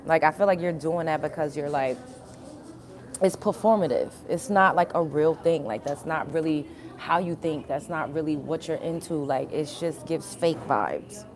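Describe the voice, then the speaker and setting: A young woman with a slightly low voice rants casually to her livestream audience. She is blunt and emphatic, swears freely, and keeps circling back to her point while speaking straight to the viewers. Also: moderate pace, a little mellow. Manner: repetitive, addresses viewers directly. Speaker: livestream host.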